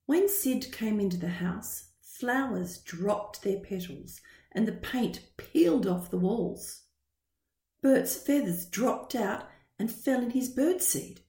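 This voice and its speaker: A woman reads a children's picture book aloud, slowly and with animated, sing-song expression. Her voice sits fairly high for a woman. The recording has a roomy echo. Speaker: storyteller.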